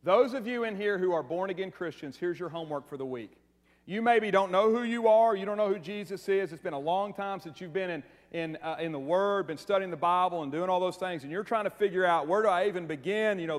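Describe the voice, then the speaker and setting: A man preaching a sermon in a church, energetic and conversational, mixing humor with repeated questions to the congregation. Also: high voice, fast talker, in a large hall. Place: church sanctuary.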